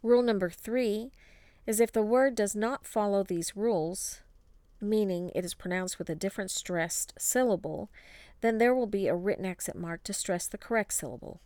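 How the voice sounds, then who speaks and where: A woman teaching a scripted language lesson, pronouncing model words slowly and clearly for the listener to repeat. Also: medium pitch, darkish tone, dry recording.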